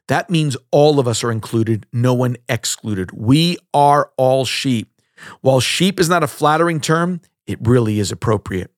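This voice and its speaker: Male pastor, mid-pitched voice, measured emphatic sermon delivery, dry close sound. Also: no room sound. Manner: measured, emphatic preaching with rhetorical questions.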